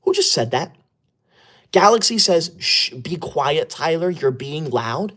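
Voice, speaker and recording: Set in an upstairs room away from home, this comedic live-stream skit features a man portraying a touchy young streamer who scolds his chat in a held-back whisper, forever taking offense. Very animated at a normal speed, his pitch rises and dips with every indignant twist.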